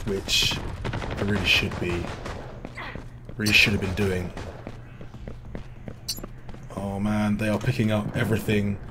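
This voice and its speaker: A man's voice: fairly low pitch, background noise. A British man hosting a game livestream, chatting casually, reading out viewer messages and joking at his own expense. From Britain. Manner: chatty, self-deprecating, reads out chat messages. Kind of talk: casual gameplay commentary.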